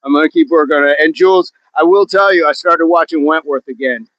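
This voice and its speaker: A man's voice: on the high side, fast, a bit bright, dry recording. A man hosting a fitness livestream outdoors, chatting casually and joking as he reads viewer comments. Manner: joking, chatty, laughs often. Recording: dull, dry, lo-fi sound.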